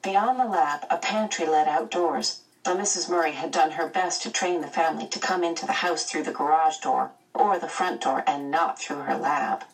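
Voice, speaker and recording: Low-voiced woman narrating a storybook. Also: moderate pace, few pauses, recorded from a distance, low-quality recording. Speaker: audiobook narrator.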